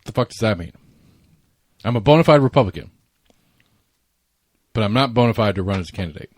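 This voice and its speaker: Podcast co-host, male, loose rambling delivery with restarts and casual swearing; lowish voice, dry sound. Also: expressive, brisk, no echo. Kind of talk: casual chat.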